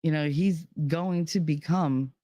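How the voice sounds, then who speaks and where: A woman's voice: low-pitched, a little slow, dark tone, dry recording, studio quality. A middle-aged woman streaming from home, telling a story in casual chat, heated and profane. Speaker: live streamer.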